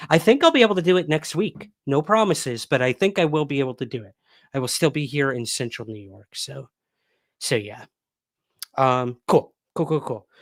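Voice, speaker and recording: Male livestream host, chatty and loose, dry close sound, mid pitch. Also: no room sound. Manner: chatty, reads viewer comments aloud. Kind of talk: casual livestream chat.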